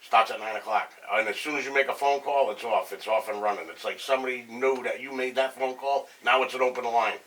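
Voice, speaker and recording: A man's voice: medium pitch, fairly even intonation, fast, hardly any pauses, pushed and bright. A man with a New England accent chatting casually on a podcast, telling blunt, profane stories. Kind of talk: casual chat. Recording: distant mic, faint noise.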